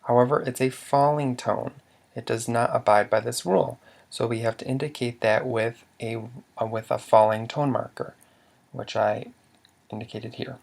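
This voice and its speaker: A man's voice: mid-range voice, steady tone, moderate pace, vocal fry, darkish tone. A man teaching a language lesson, explaining rules patiently step by step with some fillers.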